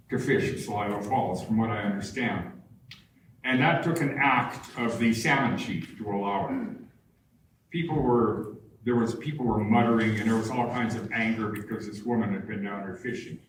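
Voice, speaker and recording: An older man giving a public talk, telling his stories in an unhurried, humorous way. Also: lowish voice, a little hiss or hum. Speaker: guest speaker at a public talk. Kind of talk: storytelling talk. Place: large barn hall with an audience. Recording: echoey hall, far from the mic.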